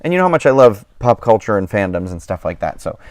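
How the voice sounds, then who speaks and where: Tired guy rambling on his live stream, lowish voice, dry close sound, lots of ums. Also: big pitch swings, fast talker, no room sound. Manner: rambling, many fillers and restarts. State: tired, yawning. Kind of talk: casual chat.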